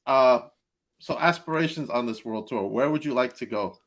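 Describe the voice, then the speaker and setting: A man hosting a live podcast interview, easygoing and quick to laugh. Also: mid-range voice, fairly bright tone. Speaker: podcast host.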